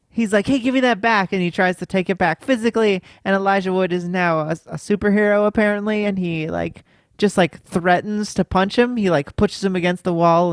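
A woman's voice: fairly low pitch, no room sound. Woman, casual film chat, laughs a lot, dry close sound. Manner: giggly, laughs often while retelling scenes; acts out characters' lines with put-on voices.

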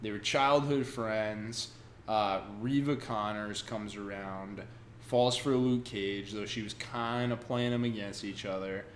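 A man casually recapping a comic book with friends, acting out characters in quick bursts. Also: on the low side. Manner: animated retelling, acts out characters in quick bursts. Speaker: podcast co-host recapping a comic. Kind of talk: casual chat. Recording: roomy sound with faint noise.

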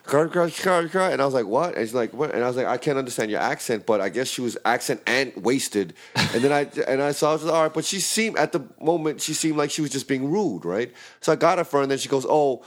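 A man casually telling a story about his bartending shift to friends, swearing a lot and acting out the shouting in the quotes. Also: medium pitch, quick pace. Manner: animated, profane, acts out shouting in quotes.

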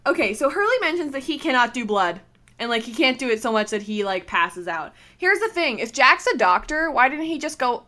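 A woman's voice: fairly high pitch, lively intonation, a little fast, sharp tone. A young woman co-hosting a casual podcast, chatty, laughing often and acting out quotes from the show. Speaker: podcast co-host.

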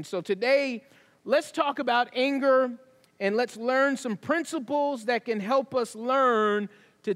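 High-voiced male pastor in a reverberant hall. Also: fairly bright tone. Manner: conversational preaching with asides and laughs. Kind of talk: sermon. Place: church sanctuary.

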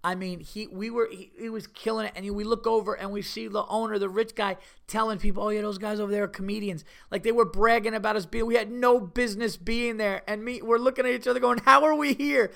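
A man's voice: high-pitched, quick pace, vocal fry, hardly any pauses. A man from New York hosting a podcast, telling a story casually and acting out the voices of people in it. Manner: animated, acts out voices in quotes. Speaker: podcast host.

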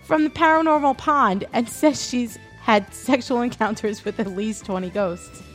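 Woman reading a weird news story on a podcast, kinda high voice, giggly, faint music under it. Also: moderate pace. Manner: laughs often while reading, loses her place. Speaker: podcast co-host. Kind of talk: casual comedic chat, reading news aloud.

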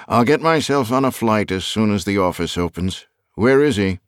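A man's voice: on the low side, lively intonation, moderate pace, no echo, studio quality, voice pushed up, natural voice. A man playing a clipped, anxious businessman. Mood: tense.

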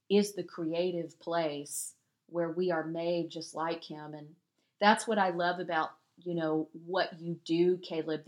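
Affirming woman podcast host. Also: deep voice. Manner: warm affirming, frequent agreement. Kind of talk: faith-based interview chat.

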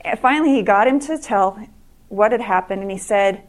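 A woman's voice: mid-range voice, a little fast. A middle-aged woman giving a speech to an audience, telling stories earnestly and often restarting and repeating words. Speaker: speaker at an evening event.

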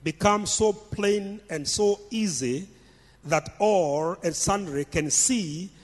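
A man preaching a midweek sermon in a fairly high voice, pressing his points by repeating phrases. His words ring out with a long reverb trailing behind them, as if he is in a church hall. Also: slow pace. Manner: emphatic, repeats phrases for stress. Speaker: pastor.

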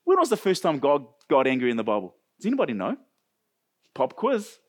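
A New Zealand man preaching at a church service, his voice sitting high and bouncing all over the place. He jokes with the congregation and quizzes them as he goes, animated and warm-hearted. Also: a little fast, husky. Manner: animated, jokey, talks to congregation. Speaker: pastor. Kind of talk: sermon.

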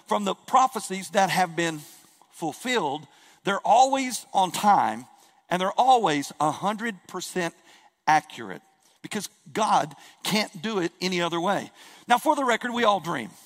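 A middle-aged man preaching a sermon, telling a story in an animated way and repeating words when he gets excited. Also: high-pitched. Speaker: pastor. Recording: long reverb of a church hall.

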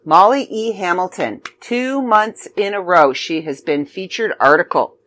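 With a deep yet fairly bright voice, she speaks expressively at a measured pace. She's a middle-aged magazine editor from Canada giving a casual video announcement for a writing contest, sprinkled with chatty, self-deprecating remarks.

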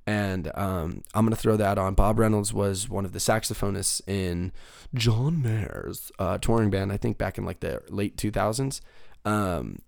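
Young male podcaster, gravelly, swears a lot, loose rambling chat, dry booth sound. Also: lowish voice, measured pace, dry recording. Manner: rambling, profane, upbeat. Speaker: podcast host. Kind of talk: casual solo podcast monologue.

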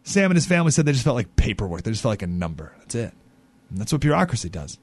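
A man hosting a talk radio show, giving animated, indignant commentary and acting out the people he quotes. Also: medium pitch, very fast, no echo.

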